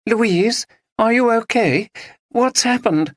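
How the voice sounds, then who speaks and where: A narrator voicing an anxious, caring middle-aged mother with a soft, worried manner. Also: mid-range voice, animated, a little slow, no room sound, voice pushed up.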